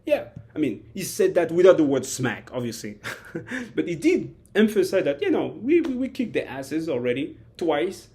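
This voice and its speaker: A man with a fairly high voice talks through a football match in a loose, rambling way. He stops and restarts his sentences and drops into little acted-out quotes as he goes. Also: big pitch swings, normal speed, mellow. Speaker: football commentator. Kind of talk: casual spoken analysis.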